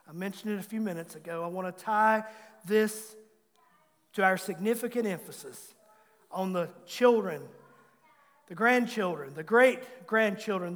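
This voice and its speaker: A male pastor in full flow, his voice sitting unusually high and ringing as he urges his congregation on. He leads them in call-and-response, with a fervent, pleading drive. His words carry a long reverb from a large church sanctuary. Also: a bit bright. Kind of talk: sermon.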